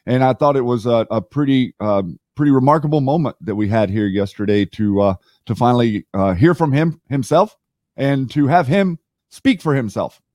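Man, co-host, halting delivery, dry close sound. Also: mid-range voice, darkish tone, dry recording. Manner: hesitant, halting. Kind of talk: casual political talk show.

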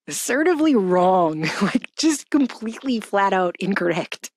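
A woman's voice: medium pitch, very animated, measured pace, heavy background noise. Amused sarcastic woman commenting. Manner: amused, sarcastic, laughs often. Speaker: video host. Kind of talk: comedic commentary.

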